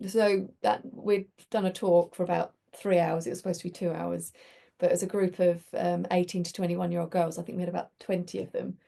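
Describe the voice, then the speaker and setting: A woman's voice: on the low side, little pitch movement, fairly quick, vocal fry, mellow. A woman hosting a community group, talking in a chatty, reflective way and telling stories with many restarts. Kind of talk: casual reflective talk.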